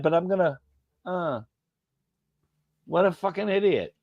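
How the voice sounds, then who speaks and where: A man co-hosting a football watchalong livestream, excitable and sweary as he cheers his team. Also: sits high, measured pace, no echo, highs cut off. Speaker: livestream co-host. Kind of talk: casual football watchalong banter.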